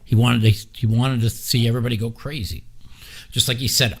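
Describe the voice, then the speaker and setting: A man's voice: medium pitch, steady tone, brisk. A man hosting his own podcast, giving blunt, profane, rambling opinions in a casual chat. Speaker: podcast host. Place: streaming with a live chat.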